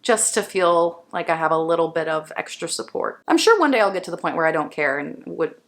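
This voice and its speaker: A woman's voice: lowish voice, animated, a little fast. A young woman talking frankly to her viewers in a casual vlog, reading out their questions and answering with plain, unpolished words and the odd swear. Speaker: vlogger. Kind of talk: candid talking-to-camera vlog.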